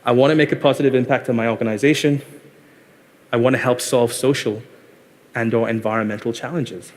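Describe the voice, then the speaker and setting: A man's voice: mid-range voice, slight background noise. Upbeat man giving a keynote talk. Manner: storytelling, conversational and upbeat. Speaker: keynote speaker.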